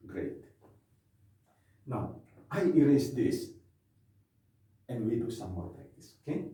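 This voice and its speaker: A man runs a whiteboard lesson, repeating each phrase and checking with his class. He speaks very slowly in a mellow, low-lit tone. The sound is distant and boomy, as if the mic sits far off in a bare classroom. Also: very animated. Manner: slow, repetitive drilling with frequent "okay?" checks. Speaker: language teacher. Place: classroom with a board. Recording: echoey room, mic far off.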